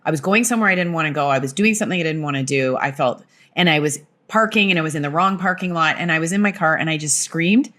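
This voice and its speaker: A woman in her fifties, a company founder, talking openly as a podcast guest with expressive delivery. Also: low voice, fast, hardly any pauses. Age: 50s. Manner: expressive, swooping intonation. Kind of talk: casual conversation.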